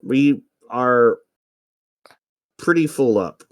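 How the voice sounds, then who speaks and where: A man's voice: medium pitch, expressive, drawn-out words, no echo. Hesitant man flying in a game. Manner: hesitant, focused on the controls. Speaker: game player piloting. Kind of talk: casual gaming chat.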